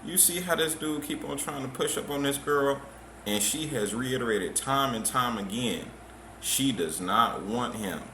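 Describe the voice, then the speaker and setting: A man's voice: mid-range voice, lively intonation, a little slow, sharp tone. A male host giving casual commentary in a blunt, joking, slangy way. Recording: echoey room with faint noise.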